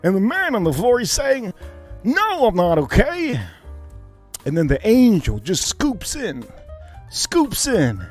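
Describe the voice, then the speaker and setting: A man hosts a casual livestream, telling a story loosely and profanely and acting out the sounds. His voice sits a little high and jumps around a lot. Faint music plays behind him. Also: unhurried. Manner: animated, profane, acts out the story. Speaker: livestream host.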